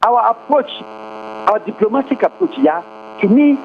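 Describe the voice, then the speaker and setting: A man delivers fervent political commentary as a radio guest, hopping between Twi and English and stacking up rhetorical questions. His voice sits high for a man. It comes through a thin, phone-like line with a faint hum underneath. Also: normal speed, gravelly.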